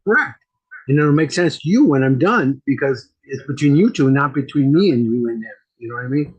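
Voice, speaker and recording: Man, husky voice, rambling storyteller, casual podcast guest, home studio. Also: medium pitch, animated, fairly quick, muffled recording. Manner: rambling storyteller, repeats words. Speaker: guest medium. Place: home studio with green screen.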